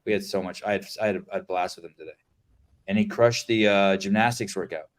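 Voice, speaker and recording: Guy hosting a podcast, kinda low voice, hyped up, swears a lot. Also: fast. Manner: excitable, swears, trails off into fillers. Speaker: podcast host. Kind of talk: casual podcast chat.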